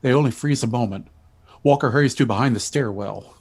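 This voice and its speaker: A man narrating the stage directions in a measured, even way during a stage reading. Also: medium pitch, husky.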